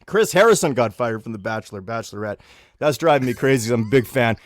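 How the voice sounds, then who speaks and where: A man co-hosting a comedy podcast, ranting in a grumbling, deadpan way. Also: medium pitch, fast talker, no room sound, clean studio sound. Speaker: co-host.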